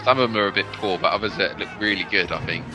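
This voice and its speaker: A man's voice: sits low, quick pace, over music, crowd noise. Man chatting over a film. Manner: chatty, trivia-filled. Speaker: podcast co-host. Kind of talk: casual film commentary. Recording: film soundtrack playing behind.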